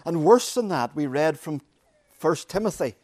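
A man preaching a sermon, with dramatic pauses and emphatic repetition. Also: fairly high pitch, animated, a little mellow, no echo, clean studio sound.

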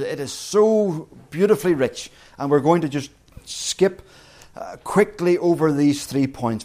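A man preaching a sermon as pastor, earnest, dropping to hushed quotes and rising to emphatic peaks. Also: fairly high pitch.

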